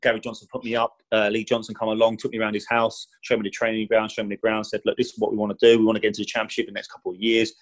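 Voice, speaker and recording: A former pro footballer fires off career stories as a podcast guest, rapid and with few pauses, in a fairly low, completely flat voice. It's a casual, rambling interview where he's fond of "do you know what I mean" and acts out quotes in a raised voice, on a low-quality recording.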